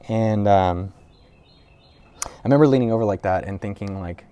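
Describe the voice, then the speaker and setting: Host, male, slightly low voice, telling a raw personal story in a casual, rambling way. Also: normal speed, mellow, clear, resonant tone. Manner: loose and conversational, with frequent "like" fillers and casual swearing. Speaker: entrepreneur video host. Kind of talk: candid personal storytelling to camera.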